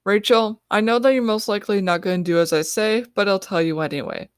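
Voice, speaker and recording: A woman voicing a young female team leader who gives quick, quiet orders. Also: mid-range voice, clear, resonant tone, no room sound, clean studio sound, pitched above the performer's own voice, close to an everyday voice. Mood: urgent. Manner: hushed, hurried orders.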